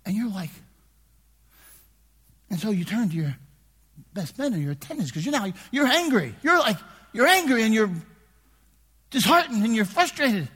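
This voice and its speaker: A man preaching a sermon in a conversational way, dropping to hushed asides and rising to shouted emphasis. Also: high voice, very animated, normal speed, pauses often, slightly rough, in a large hall. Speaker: pastor.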